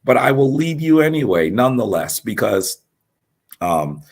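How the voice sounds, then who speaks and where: A man with a sore throat giving an earnest live-streamed religious teaching, pausing often with ums as he explains. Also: medium pitch, big pitch swings, creaky. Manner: slow, earnest, lecturing with frequent ums.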